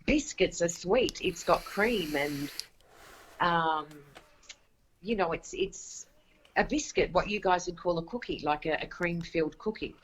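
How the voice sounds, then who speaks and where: A woman with an Australian accent chatting casually as a guest in an interview, easygoing and quick to laugh. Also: on the low side, slight background noise, rough recording. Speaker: guest, home cooking show host.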